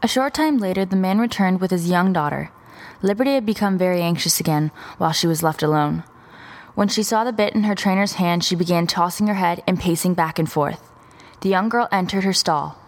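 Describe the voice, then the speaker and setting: A woman narrating a children's story in a gentle, even storytelling delivery. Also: lowish voice, fairly quick.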